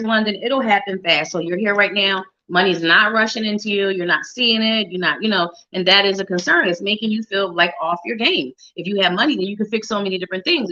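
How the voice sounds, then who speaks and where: A tarot reader on a live show speaks in a bright, forceful, mid-range voice. Playful and chatty, she talks straight to viewers by name and hums or sings little tunes while shuffling, on dull lo-fi livestream audio.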